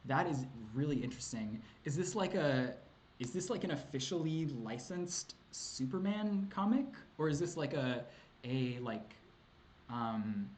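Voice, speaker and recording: A man's voice: mid-range voice, a little mellow, slight background noise. A man answering chat questions on a casual livestream, rambling and hesitant with many ums and likes, laughing often and swearing casually.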